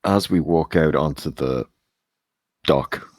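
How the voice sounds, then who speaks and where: A man with a very deep, husky voice, talking at a tabletop game. His speech is measured and dry-sounding. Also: a bit bright, no room sound. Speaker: player.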